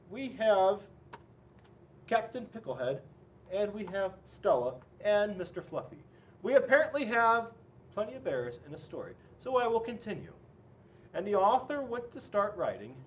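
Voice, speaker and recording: Man reading storybooks to kids, high lively voice, a bit off-mic. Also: distant mic. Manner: playful, animated, exaggerated storyteller. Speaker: police officer reading to children. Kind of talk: children's storybook read-aloud.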